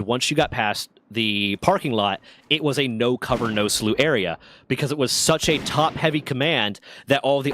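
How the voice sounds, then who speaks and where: A man's voice: mid-range voice, slight background noise. Profane man telling rambling stories. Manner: rambling, profane, lively anecdotes. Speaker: streamer and storyteller. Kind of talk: casual storytelling while gaming.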